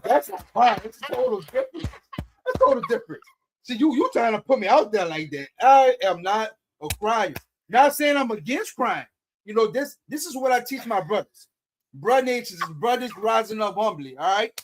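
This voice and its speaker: A man in his forties with a notably high-pitched voice. He co-hosts a casual chat, speaking in an animated, playfully protesting way. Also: normal speed, slight background noise. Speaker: co-host.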